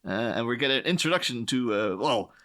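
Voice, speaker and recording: A man's voice: mid-range voice, expressive, a little fast, sharp tone. A man co-hosting a podcast, chatting casually about a film, rambling with many fillers and frequent laughs. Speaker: podcast co-host. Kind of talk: casual film commentary chat.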